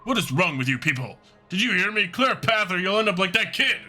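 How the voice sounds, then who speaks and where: A pompous bullying army commander, voiced by a man in a game let's-play, snapping at his troops with lively swings in pitch and a bright, forceful edge. he sneers and barks like he owns the place. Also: fast talker, soft background music, full character voice. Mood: scornful, barking. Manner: sneering, barking orders.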